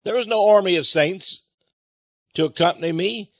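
A man's voice: high voice, normal speed, a bit bright, no echo, clean studio sound. A man preaching and commenting on Bible verses, with emphatic rhetorical questions. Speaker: Bible teacher. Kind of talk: sermon-style Bible reading and commentary.

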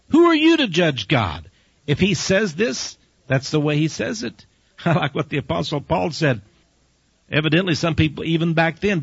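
A man's voice: fairly high pitch, gravelly, husky, dry recording. A man preaching a folksy radio sermon from his office desk, chuckling between his points. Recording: dull dry lo-fi radio recording.

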